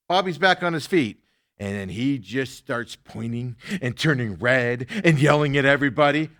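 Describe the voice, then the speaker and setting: An animated male talk show host rants about sports with a lively, swooping voice and a bright, forceful tone. He laughs easily and slips into mocking impressions. The sound is dry and close. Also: fairly high pitch, dry recording. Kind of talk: casual sports talk rant.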